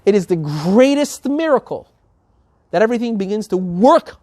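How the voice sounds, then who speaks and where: A man's voice: high-pitched, sing-song, moderate pace, darkish tone, dry recording. A male rabbi preaching a sermon and telling a story, emphatic and building to passionate appeals.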